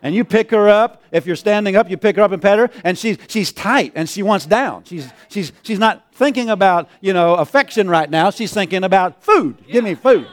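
High-pitched guy preaching, chuckles a lot, asks the crowd amen. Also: expressive, moderate pace, few pauses. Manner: chuckling, call-and-response. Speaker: pastor. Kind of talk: sermon.

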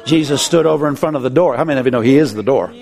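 A middle-aged male pastor preaching a sermon, telling a story and then leading a fervent, drawn-out prayer. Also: medium pitch, vocal fry, crowd noise.

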